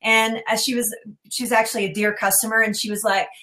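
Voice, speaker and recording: A woman's voice: on the high side, flat delivery, fast, pushed and bright, soft background music. A woman, a breast cancer survivor, telling frank, chatty stories in a casual panel talk.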